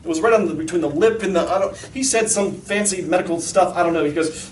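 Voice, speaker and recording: A man in his thirties gives a casual, animated talk to an audience of parents, full of fillers and quick stories. His voice sits high for a man. It's captured from a distance in a reverberant hall with a faint hum of room noise behind him. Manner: storytelling, animated, lots of fillers.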